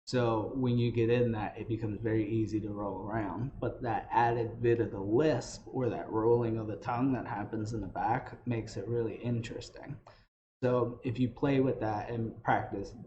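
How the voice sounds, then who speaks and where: A man's voice: fairly low pitch, steady tone, moderate pace, dark tone. A man hosting a casual tutorial, explaining loosely in a conversational way how to build character voices for tabletop games. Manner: explanatory, loose phrasing with restarts. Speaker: tabletop game master teaching voices. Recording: dull lo-fi audio with faint noise.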